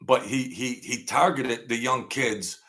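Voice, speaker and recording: In a mid-range voice that's bright and forceful, a Brooklyn-born storyteller host talks a little slowly. His casual monologue rambles, circling back on phrases and performing quoted lines.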